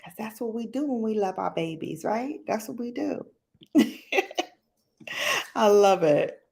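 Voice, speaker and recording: A woman hosting a casual storytime livestream, animated and laughing often, acting out quotes. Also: a little high, takes it slowly, creaky. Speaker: livestream host.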